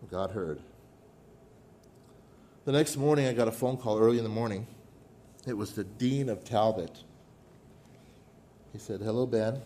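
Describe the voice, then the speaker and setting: A middle-aged man preaching a sermon, telling a personal story with dramatic pauses and sudden drops to a hush. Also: fairly low pitch, a little hiss or hum. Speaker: pastor.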